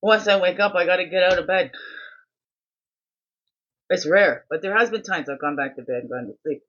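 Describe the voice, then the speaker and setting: A man's voice: sits high, moderate pace, muffled recording, slight background noise. A tired man hosting a daily reflection video, musing and asking many questions in a rambling, personal way. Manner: musing, asks many questions, quotes others in animated voices.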